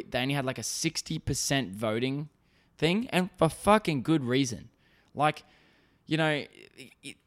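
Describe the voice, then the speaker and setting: An Australian man hosting a solo podcast, ranting and rambling with constant swearing. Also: mid-range voice. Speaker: podcast host.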